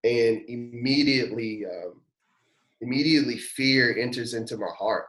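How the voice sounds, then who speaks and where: A man's voice: medium pitch, normal speed, a bit bright. Earnest pastor telling his story, roomy echo. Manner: earnest, heartfelt, casual slang and fillers. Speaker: pastor, podcast guest. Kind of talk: personal storytelling testimony.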